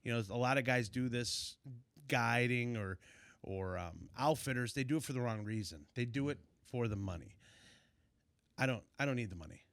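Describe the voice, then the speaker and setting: Man, young to middle-aged fishing guide; storytelling podcast guest, lively, bright and dry. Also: mid-range voice, moderate pace, gravelly, dry recording. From Illinois. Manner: animated, acts out shouted quotes. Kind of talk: casual storytelling.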